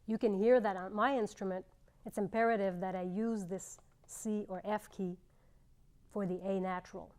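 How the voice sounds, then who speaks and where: A middle-aged woman gives a clarinet lesson, explaining each step clearly and patiently. She speaks at a medium pitch and pauses between ideas. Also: fairly even intonation, darkish tone. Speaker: clarinet teacher. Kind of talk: instructional demonstration.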